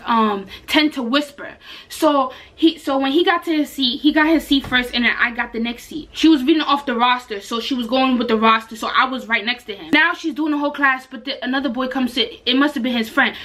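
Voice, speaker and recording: A young woman talks to camera in a high, bright voice. She tells her story casually and with slang, and acts out the voices of the other people in it. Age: young adult. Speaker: vlogger, exchange student.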